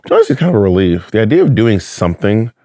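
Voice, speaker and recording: A man in his thirties, a guest in a casual interview, telling stories with big swings of pitch and frequent laughter. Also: rapid-fire, no echo, clean studio sound. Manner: animated storyteller, laughs often, swings pitch for effect. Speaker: guest, drag performer and author.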